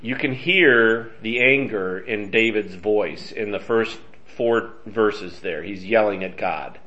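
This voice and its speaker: A middle-aged man leads a relaxed Bible study, chatting with the group and reading scripture aloud with emphasis. His voice is bright and forceful. The recording is dull and lo-fi. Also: fairly low pitch, takes it slowly. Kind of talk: casual Bible study teaching. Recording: dull lo-fi sound.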